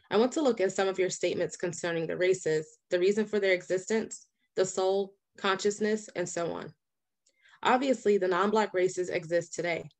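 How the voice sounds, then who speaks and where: A woman reading a nonfiction book aloud in a steady, deliberate way. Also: medium pitch. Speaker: audiobook reader.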